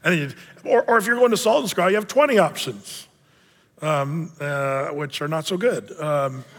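High-voiced male pastor in a reverberant hall. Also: expressive, normal speed, a bit bright. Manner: conversational, joking asides. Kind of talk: sermon.

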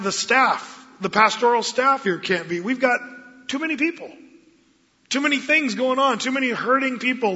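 A man preaching a sermon as pastor of his church, animated and acting out quoted voices. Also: high-pitched. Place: church sanctuary. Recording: dull lo-fi sound with long hall reverb.

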